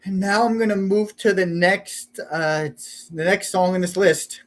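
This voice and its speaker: A man casually introducing his own song parodies, halting and correcting himself as he talks. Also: high-pitched, a bit bright. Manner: halting, self-correcting, unpolished. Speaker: amateur parody songwriter. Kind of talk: casual spoken intros between sung parodies.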